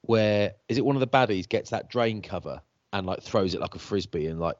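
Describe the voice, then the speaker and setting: A low-voiced man talks casually on a podcast, telling stories with sudden bursts of excitement. The sound is a little dull and muffled. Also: brisk. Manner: animated, swearing storyteller. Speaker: rugby commentator and podcast co-host. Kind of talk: casual chat.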